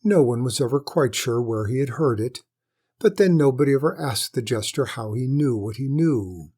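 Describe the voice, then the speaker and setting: Husky-voiced male storyteller. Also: medium pitch, animated, normal speed, dark tone. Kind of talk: storybook narration.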